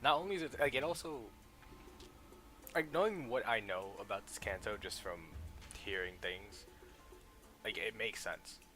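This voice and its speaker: A man's voice: lowish voice, measured pace, long pauses, bright, forceful tone, soft background music. A young man streaming a live reaction to a game, chatting casually with lots of fillers and reading the dialogue aloud in his own voice. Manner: casual, rambling with frequent "like" fillers.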